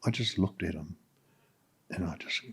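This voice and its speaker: Husky low-voiced New Zealand man. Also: fairly bright tone. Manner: frank, halting, with many fillers and restarts. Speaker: podcast guest. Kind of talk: candid personal storytelling.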